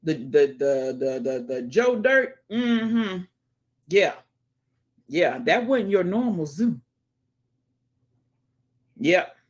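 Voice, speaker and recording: A woman's voice: on the low side, big pitch swings, takes it slowly. A woman hosting a casual livestream, greeting viewers by name and chatting as she reads the comments. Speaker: livestream host.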